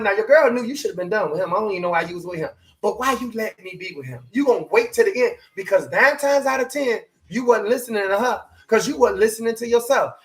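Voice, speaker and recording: Fired-up preacher guy, talks loud and his voice shoots up high when he gets going. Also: fast talker, few pauses. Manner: voice climbs high when emphatic; animated, hollering preaching. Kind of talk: motivational sermon.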